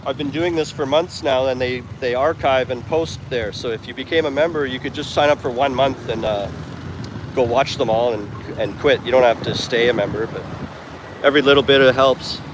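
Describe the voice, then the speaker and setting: This chatty man is a travel vlogger doing a casual walking vlog on a busy city street market outdoors, speaking at a medium pitch and a fairly quick clip. He rambles, chats, and corrects himself in asides along the way. Street noise and traffic sit behind his voice on the handheld phone recording.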